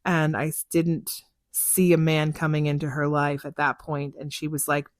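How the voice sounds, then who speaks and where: A young woman talks in a casual, candid way about her work as a psychic, often laughing and acting out what people told her. Her voice sits on the low side for a woman, and the recording is close and dry, with no room sound. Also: completely flat delivery, moderate pace, no room sound. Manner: chatty, candid, laughs often, acts out conversations. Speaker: psychic podcast host. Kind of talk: casual chat answering listener questions. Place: car.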